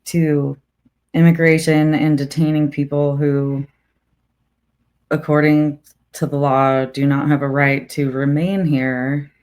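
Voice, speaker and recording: A woman's voice: low-pitched, flat delivery, slow pace, a little mellow. A woman as a podcast guest in casual political chat, sardonic and argumentative, making her points with rhetorical questions and occasional swearing.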